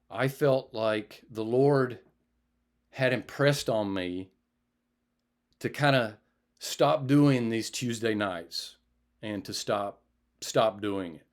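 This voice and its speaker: A man telling a personal testimony as a preacher, lively in his retelling and sinking low and quiet when he recalls praying. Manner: animated retelling, raises his voice for others and drops low and quiet for prayer.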